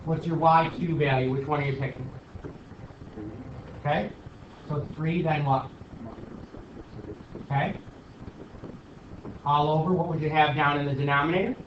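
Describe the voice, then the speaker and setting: A man's voice: a little high, fairly even intonation, unhurried, long pauses, far from the mic, a little hiss or hum. A man teaching a math class, questioning students and joking as a self-declared stickler. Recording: roomy, dull, from across the room.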